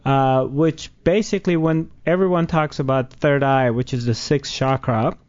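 A man appearing as a guest healer on a radio show, explaining ideas in a calm, measured way. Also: mid-range voice, muffled recording. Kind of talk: explanatory interview answers.

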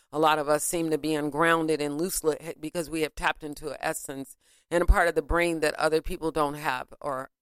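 A woman casually retelling a story in an animated way, now and then breaking into sung snippets. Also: low voice, clear, resonant tone, no room sound, clean studio sound.

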